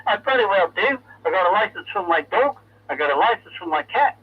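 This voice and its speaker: A man's voice: sits high, lively intonation, fairly quick, husky, pitched above the performer's own voice. A man voicing a stubborn customer who insists on buying a license for his pet fish, heard over a tinny radio link. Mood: insistent. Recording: tinny radio transmission from afar.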